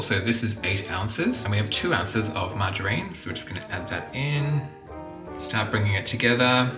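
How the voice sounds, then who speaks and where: A man hosting a cooking vlog, chatting casually and joking at himself as he cooks. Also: on the low side. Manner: chatty and self-deprecating, talks while cooking. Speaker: cooking channel host. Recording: echoey kitchen with background music.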